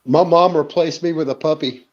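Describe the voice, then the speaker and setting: A man's voice: fairly high pitch, normal speed, highs cut off. A man hosting a casual livestream, telling rambling family anecdotes and quoting people in his own voice. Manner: rambling anecdotes with acted quotes. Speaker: livestream host. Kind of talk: casual storytelling chat. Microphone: livestream call.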